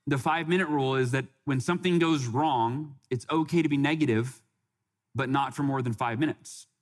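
Speaking briskly in a mid-range voice, a podcast guest in his forties recounts a personal story with earnest sincerity. He frequently restarts sentences and brings in quoted dialogue.

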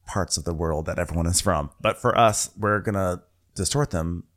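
A man's voice: low voice, normal speed, a bit bright. A man co-hosting a casual reality-TV podcast, playful and laughing often. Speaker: podcast co-host.

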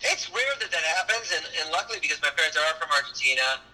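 A man's voice: on the high side, fast, low-quality recording. A man who works as a voice actor, chatting in a casual interview and acting out bits of characters as he goes. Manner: animated, slips into character voices and Spanish. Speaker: voice actor guest.

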